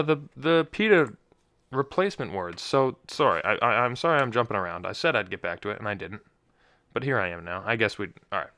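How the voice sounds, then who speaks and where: A man's voice: medium pitch, pushed and bright, no echo. A young man hosting his own podcast in casual solo chat, rambling and often restarting his sentences. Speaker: podcast host.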